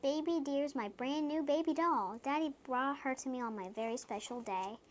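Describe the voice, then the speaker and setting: A woman reading children's picture books aloud, chatting between pages and playing up the sound words in a lively, sing-song way. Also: sits high, normal speed, slight background noise. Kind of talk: storybook read-aloud with casual chat.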